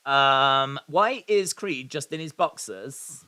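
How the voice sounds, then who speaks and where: A man's voice: medium pitch, expressive, takes it slowly, few pauses, bright, forceful tone, clear, resonant tone. A man hosting a live watch-along, calling the action and reading viewer comments aloud with dry, sarcastic humour. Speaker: live stream host reacting to wrestling.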